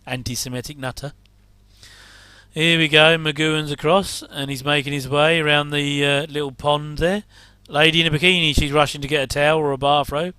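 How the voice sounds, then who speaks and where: A middle-aged man chats his way through an old episode, full of wry asides and quick chuckles. His voice sits a little high, bright and crisp. It is recorded dry and close. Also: steady tone, no echo. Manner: chatty, rambling asides, wry jokes and chuckles. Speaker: commentator reacting to an old TV episode. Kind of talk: casual watch-along commentary.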